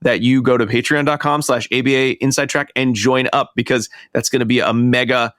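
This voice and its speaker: A man co-hosting a podcast, talking at a middle pitch in a loose, rambling way and often restarting his sentences. The sound is dry and close, with no room echo. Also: fairly even intonation, brisk, fairly bright tone. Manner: rambling, self-correcting, chatty. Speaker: podcast co-host. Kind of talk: casual podcast chat.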